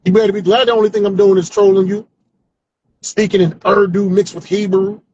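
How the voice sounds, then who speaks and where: A man's voice: high-pitched, little pitch movement, fairly quick, dark tone, slightly rough, highs cut off. A male comedian trying out new stand-up jokes without notes, rambling and talking to himself, often ending lines with "man". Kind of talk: stream-of-consciousness stand-up practice. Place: car on commute.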